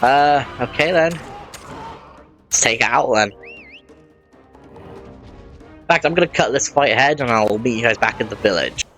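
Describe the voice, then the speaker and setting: A man's voice: medium pitch, measured pace, pauses often, fairly bright tone, faint music behind. A man giving casual let's-play commentary, rambling and often correcting himself mid-sentence.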